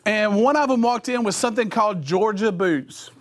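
Speaking at a normal speed to teenagers in a youth sermon, a middle-aged man with a fairly high voice tells energetic stories. He acts out sound effects and quotes his friends by imitating their voices.

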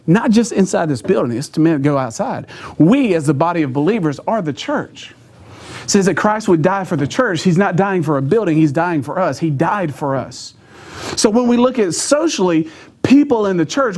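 High-voiced man preaching folksy. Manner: folksy, self-mocking storyteller who laughs at his own jokes. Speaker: pastor. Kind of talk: sermon with humorous storytelling. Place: church sanctuary.

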